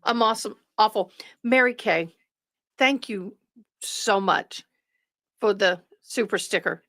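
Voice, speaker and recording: A woman's voice: mid-range voice, slow, fairly bright tone, no echo, studio quality. A tired woman hosting a livestream, chatting casually and rambling with her viewers. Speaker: livestream host. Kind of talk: casual chat with live viewers.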